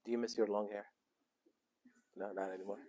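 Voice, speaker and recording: A middle-aged man leads a youth program with a relaxed, joking manner. His voice sits somewhat low and he keeps things light with the teenagers he greets. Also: brisk. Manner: easygoing and joking. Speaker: sheikh leading a youth program. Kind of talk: casual chat with teens. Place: mosque youth room.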